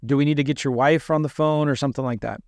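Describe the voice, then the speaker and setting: A man's voice: medium pitch, fairly even intonation, fast talker, no echo, studio quality. Man coaching a seller call script. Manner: acts out both sides of phone calls. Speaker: land investing coach. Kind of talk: teaching a sales call script.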